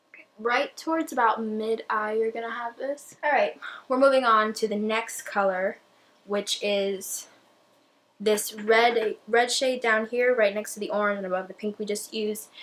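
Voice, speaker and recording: A woman's voice: a little high, fairly bright tone, poor audio. A young woman talking through a makeup tutorial in a chatty, rambling, self-deprecating way, a little out of breath. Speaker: beauty vlogger.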